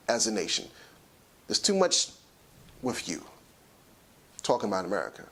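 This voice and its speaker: Animated man lecturing on a talk show. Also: lowish voice, vocal fry, slightly rough. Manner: lecturing, emphatic, slows down to stress points. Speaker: commentary show host. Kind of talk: solo talk commentary.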